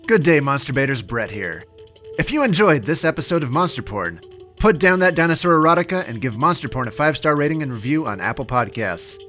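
A man's voice: fairly high pitch, sing-song, fairly quick, fairly bright tone, soft background music. A man hosting a comedy podcast, reading a wry, mock-solemn outro. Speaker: podcast host.

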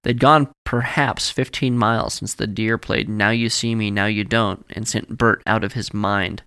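A male audiobook narrator with a gravelly, creaky texture and a bright, forward tone. He tells the story at a measured pace in a close, dry recording. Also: on the low side, steady tone, dry recording. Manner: measured storytelling, voices each character. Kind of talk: scripted narration.

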